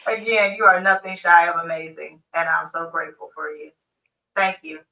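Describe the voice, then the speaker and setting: American woman, podcast guest, casual chat, playful, bright tone. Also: on the low side, steady tone, normal speed, far from the mic, low-quality recording. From United States. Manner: playful, warm-hearted, laughs easily.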